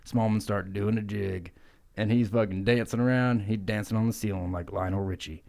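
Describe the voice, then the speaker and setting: Low-voiced profane male podcast storyteller. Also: steady tone, normal speed, creaky, darkish tone. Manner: loose, profane, laughing delivery. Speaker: podcast co-host. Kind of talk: improvised comic storytelling.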